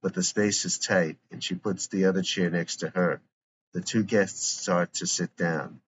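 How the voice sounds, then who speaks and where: Man narrating a script, plain reading of stage directions, deep voice, faint hiss. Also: fairly even intonation, unhurried, muffled recording.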